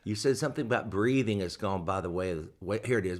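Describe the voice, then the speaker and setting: A man's voice: on the low side, fast. A man hosting a casual livestream chat, folksy and joking as he asks his guest questions. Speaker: livestream host.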